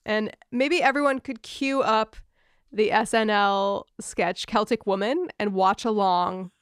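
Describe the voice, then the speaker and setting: A woman's voice: mid-range voice, clean tone, no echo, clean studio sound. A woman co-hosting a casual podcast, wry and chatty, who is sick at the moment. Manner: wry, chatty, quick to laugh. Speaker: podcast co-host.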